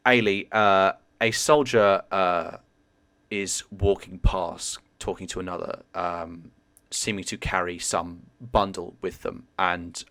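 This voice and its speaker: A man's voice: deep voice, a bit bright, no echo. A man narrating as game master, hesitant with many fillers.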